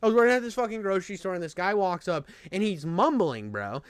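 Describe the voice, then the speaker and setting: A man's voice: sits high, expressive, fast talker, clear, resonant tone, dry recording. A man streaming casual chat, rambling and swearing and calling everyone dude.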